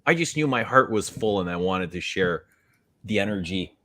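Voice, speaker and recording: A man's voice: low voice, animated, normal speed, bright, forceful tone. A man in a casual online chat, speaking in an earnest, matter-of-fact way.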